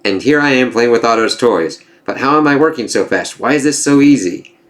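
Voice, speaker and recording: A man reading as a gruff older newspaperman. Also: medium pitch, lively intonation, a little fast, close to an everyday voice. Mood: puzzled.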